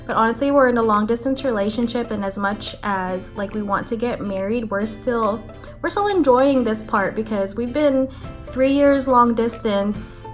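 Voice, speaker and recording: Chatty young woman, slightly high voice. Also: moderate pace. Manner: chatty, animated storytelling with frequent "like" fillers. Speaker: vlogger. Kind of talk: casual chat to camera. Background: faint background music.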